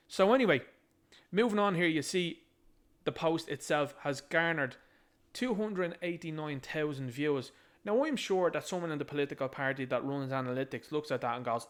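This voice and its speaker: A man's voice: a little high, animated, moderate pace. An Irish man delivers fired-up political commentary in a slightly raised voice. He is combative and emphatic, and he leans on repetition to drive each point home. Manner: emphatic, combative, repeats key phrases.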